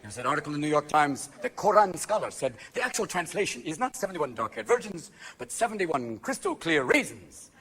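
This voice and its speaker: A man doing a stand-up comedy routine, manic, swinging between shouts and hushed asides, recorded live on stage. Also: on the high side, sing-song, brisk, few pauses.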